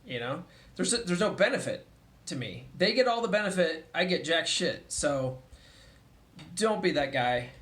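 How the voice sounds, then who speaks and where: A man's voice: high voice, very animated, moderate pace, fairly bright tone. A young man telling a story in a casual vlog, chatty and profane, with lots of fillers. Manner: mimics others in a raised voice when quoting them. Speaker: vlogger.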